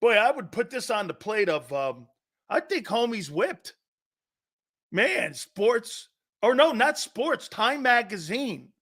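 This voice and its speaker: A man's voice: sits high, very animated, slow, fairly bright tone. A middle-aged man hosting a sports talk show, riffing in a brash, profane, joking way and laughing often.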